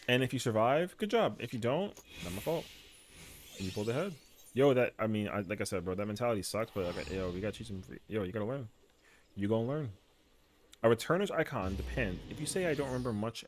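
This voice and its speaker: A man game streamer in casual stream chat, slangy and animated, saying yo and bro a lot. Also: mid-range voice.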